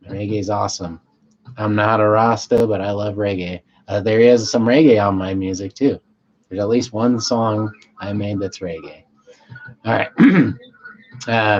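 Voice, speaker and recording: A man with a fairly low voice talks loosely on a home livestream, high and wandering off mid-sentence. He swears casually and restarts his thoughts often. The stream audio sounds dull and lo-fi. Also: darkish tone. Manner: loose, meandering, self-interrupting, stoned and swearing. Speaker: livestream host. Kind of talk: rambling casual livestream chat, reading chat aloud.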